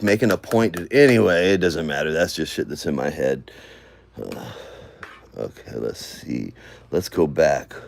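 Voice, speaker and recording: A man vlogging casually, muttering to himself as he scrolls through comments, then breaking into loud rants. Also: deep voice, dry recording.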